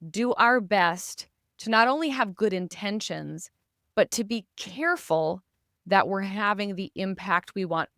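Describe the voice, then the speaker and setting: A woman's voice: mid-range voice, creaky, fairly bright tone, no echo, clean studio sound. A woman hosting a casual podcast discussion, reflective and searching for words as she poses questions. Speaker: podcast host.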